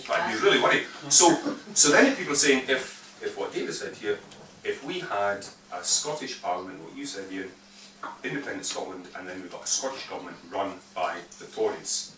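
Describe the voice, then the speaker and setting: A man's voice: medium pitch, pushed and bright. A man in his fifties from England, an invited speaker answering audience questions in a joking, rambling, argumentative way. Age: 50s. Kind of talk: political talk answering questions. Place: meeting room. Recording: echoey room, distant mic, faint hiss.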